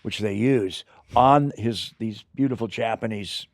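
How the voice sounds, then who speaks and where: An older man, an actor, telling rambling, animated stories in an interview, with acted asides. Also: lowish voice, unhurried, no room sound, studio quality. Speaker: actor guest. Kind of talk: anecdotal interview storytelling.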